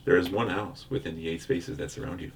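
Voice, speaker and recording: A man acting as game master in a board game playthrough, reading out results in an even, formal way and laughing often. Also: low voice, fairly quick, gravelly, a little hiss or hum.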